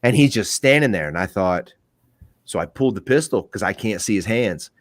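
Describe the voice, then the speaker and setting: A man with a lowish voice tells work stories in a loose podcast chat, animated and quick to laugh. The sound is dry and close, with no room behind him. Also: no echo. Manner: laughing, animated storyteller who acts out voices. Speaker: police officer and apartment courtesy officer.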